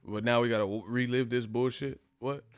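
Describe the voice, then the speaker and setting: A man's voice: mid-range voice, steady tone, fairly quick, clear, resonant tone, no echo. A man hosting a casual live stream, rambling and swearing freely and laughing often.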